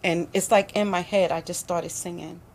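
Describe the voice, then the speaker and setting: A woman speaks as a guest on a gospel talk show, telling her story with force and repetition. Her voice sits a little low. A faint hiss runs under the recording. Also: steady tone, normal speed.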